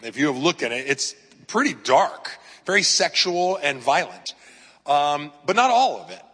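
A man's voice: on the high side, big pitch swings, normal speed, pushed and bright, breathy edge. A man in his fifties, a pastor giving a chatty, emphatic sermon full of personal stories and rhetorical questions. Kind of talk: conversational sermon. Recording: long hall reverb.

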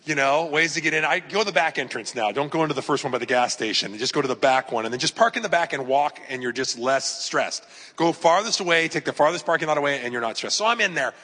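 Bright-voiced preacher man in a reverberant hall. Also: a little high, fast talker. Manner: chatty, emphatic preaching with personal stories and rhetorical questions. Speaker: pastor. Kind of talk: conversational sermon.

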